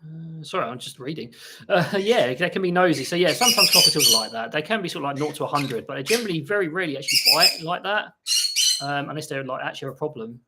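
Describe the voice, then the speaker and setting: A man's voice: a little high, lively intonation, quick pace, background noise. A man hosting a casual live stream at home, answering viewers' questions and breaking off to talk to his parrots. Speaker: parrot channel host. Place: home room with pet parrots. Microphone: laptop for live stream. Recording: parrot squawks and clicks in background.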